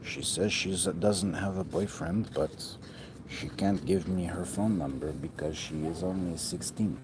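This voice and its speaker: A man's voice: deep voice, a little slow. A man talking in a rambling, profane monologue that often trails off mid-thought. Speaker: vlogger. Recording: noticeable background noise.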